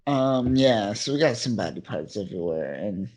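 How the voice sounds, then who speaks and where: A man's voice: lowish voice, animated, moderate pace, darkish tone. A man co-hosting a podcast, recapping a comic in a rambling way with lots of fillers. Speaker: podcast co-host. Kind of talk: casual comic book chat.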